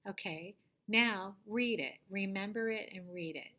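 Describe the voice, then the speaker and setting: A woman teacher gives a reading lesson to young children, patiently asking them questions and sometimes dropping to a soft whisper. Her pitch is medium and her pace measured.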